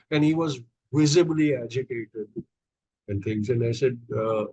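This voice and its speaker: A man's voice: mid-range voice, moderate pace, dark tone, breathy edge, dry recording, muffled recording. A middle-aged man, a podcast guest telling personal stories in a hesitant, conversational way full of fillers and restarts. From India. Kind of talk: conversational storytelling.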